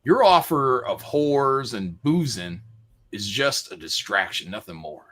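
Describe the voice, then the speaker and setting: Brief: a man reading as a tough-talking male mob courier, gruff and lively. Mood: menacing. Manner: gruff put-on voice, lower and slower. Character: menacing male mobster courier, tough talker.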